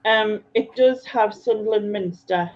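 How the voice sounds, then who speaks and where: A woman's voice: medium pitch, unhurried, noisy background. Woman, casual chat, loose rambling delivery, dull muffled recording. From North East England. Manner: chatty, loose with frequent restarts and laughter. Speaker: chat participant. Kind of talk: casual chat among friends. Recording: slightly dull, muffled sound.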